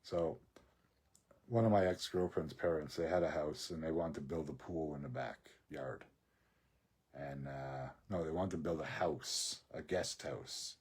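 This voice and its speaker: A man with a very husky, raspy voice, pitched low and dark in tone. He rambles through a profane story, breaking into laughs as he goes. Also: a little slow. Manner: rambling, profane, laughs often mid-sentence. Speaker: social media video creator.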